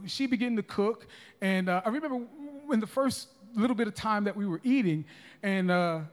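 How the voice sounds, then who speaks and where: A man in his forties preaching a sermon as pastor, emphatic, with frequent restarts and calls to the congregation. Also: sits high. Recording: long reverb of a large hall.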